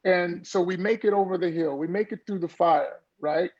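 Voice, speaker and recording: Casting: high-voiced gravelly man, husky edge, earnest motivational coach, dull lo-fi audio. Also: moderate pace, darkish tone. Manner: earnest, motivational, repeats words as he builds a point. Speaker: podcast guest, mindfulness coach. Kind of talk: conversational interview.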